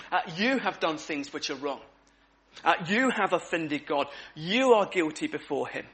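A man's voice: sits high, pushed and bright. A man preaching an evening sermon in a conversational way, repeating key words for emphasis.

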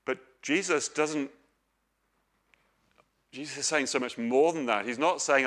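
A man's voice: medium pitch, measured pace, pauses often, a bit bright. A middle-aged man preaching a sermon, earnest and questioning, with homely stories.

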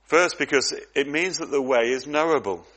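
A man's voice: on the high side, moderate pace, fairly bright tone. Earnest man preaching a sermon. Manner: earnest, reflective, with frequent repeated words.

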